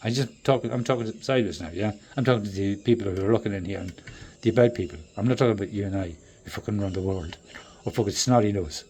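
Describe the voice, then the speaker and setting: A man in a rambling, profane monologue that swings between loud outbursts and low mutters. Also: quick pace, hardly any pauses, a little hiss or hum.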